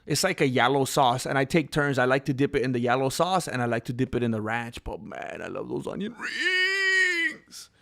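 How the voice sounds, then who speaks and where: A man hosting a livestream, chatting casually and excitedly in slangy, animated storytelling. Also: medium pitch, a little fast, hardly any pauses. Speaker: livestream host.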